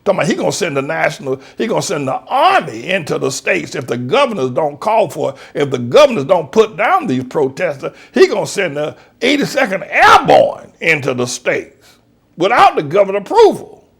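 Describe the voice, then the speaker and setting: A male pastor giving a preached commentary in a folksy way, swinging from low musing to high, laughing exclamations. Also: huge pitch swings, fairly quick, creaky, fairly bright tone, slightly rough. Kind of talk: preached commentary on current events.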